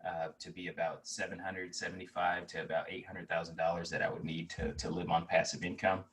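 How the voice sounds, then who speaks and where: A man in his twenties talking casually as an interview guest, relaxed and rambling, full of fillers and restarts. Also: deep voice, brisk, distant mic, a little hiss or hum. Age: 20s.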